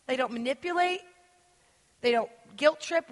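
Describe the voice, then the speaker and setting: A woman teaches a church gathering in a high, bright voice, animated and acting out the people she quotes. Her words ring with the long reverb of a large hall. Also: moderate pace. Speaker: guest speaker.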